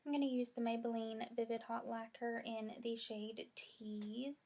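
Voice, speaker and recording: A woman's voice: on the high side, level tone, unhurried, darkish tone. A young woman, chatting casually through a makeup tutorial and saying "y'all" a lot. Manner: chatty, rambling, says "y'all" often. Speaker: beauty vlogger.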